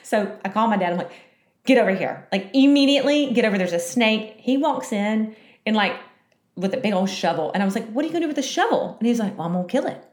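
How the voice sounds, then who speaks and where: A woman in her thirties chatting casually, telling a story with lively, acted-out quotes. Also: mid-range voice, fast talker. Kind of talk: casual chat, animated storytelling. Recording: echoey room.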